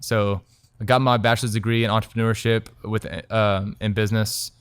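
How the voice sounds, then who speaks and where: A young man, telling his story as a restaurant owner in a lively, casual interview, filling his talk with "like". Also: on the low side, clear, resonant tone, dry recording, studio quality. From Texas. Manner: animated, quick storytelling full of "like". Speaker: restaurant owner and chef, guest.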